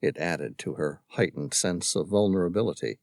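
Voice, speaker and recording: A male audiobook narrator reading a novel in steady, even storytelling. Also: low-pitched, moderate pace, no room sound, clean studio sound. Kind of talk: scripted narration.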